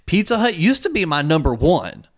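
A man's voice: fairly high pitch, sing-song, moderate pace, fairly bright tone. A man co-hosting a podcast, telling a story in casual chat with a lot of swearing. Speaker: podcast co-host.

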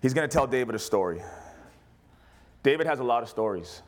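A man preaching as a pastor, animated, rising to loud cries and dropping to quiet asides. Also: medium pitch, brisk. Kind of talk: sermon.

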